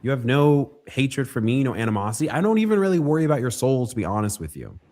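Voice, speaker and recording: Earnest man with a lively voice. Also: mid-range voice, fast talker. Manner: earnest, appealing for calm. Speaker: video commentator.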